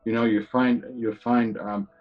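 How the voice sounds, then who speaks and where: A man's voice: fairly low pitch, flat delivery, unhurried. Man, earnest storyteller, rambles and restarts, dull lo-fi sound, faint music underneath; plain testimony read. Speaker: near-death experience witness.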